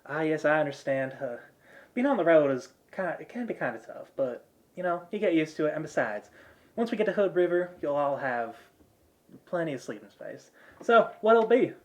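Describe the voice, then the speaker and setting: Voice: medium pitch, big pitch swings, moderate pace, close to an everyday voice. A game master voicing a busy, friendly woman innkeeper who talks in a folksy drawl. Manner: folksy drawl, says y'all.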